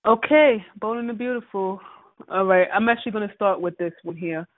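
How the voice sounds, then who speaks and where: A woman's voice: medium pitch, brisk, no room sound. Sassy woman on a tinny line. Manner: blunt, sassy, exasperated. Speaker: podcast co-host. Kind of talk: casual soap opera recap chat. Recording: tinny phone-like line, dry.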